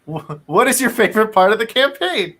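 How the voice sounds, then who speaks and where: A man with a high, very bright voice hosts a casual interview over a video call. He sounds upbeat and laughs easily as he asks his questions. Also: expressive, brisk. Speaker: podcast host.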